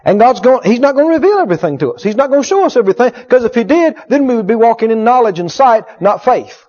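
A man's voice: very high voice, very animated, quick pace, a little mellow. A man preaching a sermon, emphatic and repetitive, acting out quotes with humor. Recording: dull lo-fi sermon recording.

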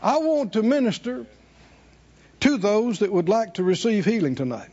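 High, animated male preacher. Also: normal speed, husky, highs cut off. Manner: animated call-and-response preaching. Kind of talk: sermon. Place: church sanctuary.

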